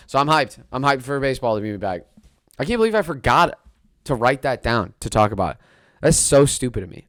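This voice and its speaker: A young man hosting a casual solo sports podcast, rambling and excitable, often restarting his sentences. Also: mid-range voice, normal speed, no echo, studio quality.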